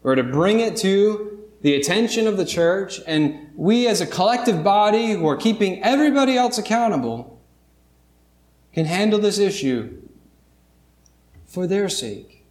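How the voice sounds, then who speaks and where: A man's voice: high-pitched, animated, unhurried, darkish tone, roomy sound. A man preaching a sermon as pastor, earnest and emphatic, mixing stories with scripture.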